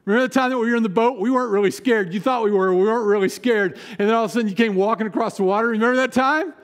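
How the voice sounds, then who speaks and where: Boastful disciples reminisce and tease each other, as a preacher voices them. The voice is high, quick and cheeky. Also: male voice, close to an everyday voice.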